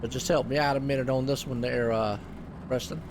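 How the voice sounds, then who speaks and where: A man calling a sim racing event, excitable and folksy, with loud bursts on big moves. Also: medium pitch, fairly quick, noisy background. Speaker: race commentator. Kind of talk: sim racing play-by-play commentary.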